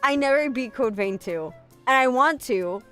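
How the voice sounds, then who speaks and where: A woman VTuber chatting with her stream audience, her pitch leaping around animatedly as she talks. She is casual, profane and self-mocking, reading and answering chat as she goes. Soft music plays faintly behind her. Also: lively intonation, normal speed.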